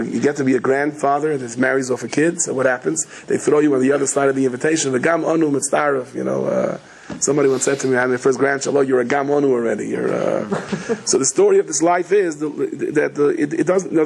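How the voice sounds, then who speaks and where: A middle-aged man giving a sermon as a rabbi, telling stories in a rapid, chatty, joking way. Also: mid-range voice, gravelly, slightly rough, low-quality recording. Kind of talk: sermon with humorous storytelling.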